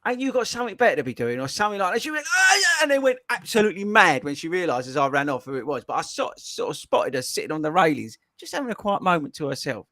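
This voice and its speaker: A man hosting a running podcast, telling stories in a lively, laughing way. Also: on the high side, fast talker, hardly any pauses, no echo, clean studio sound. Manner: animated, laughing storyteller. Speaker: podcast host. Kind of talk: casual chat.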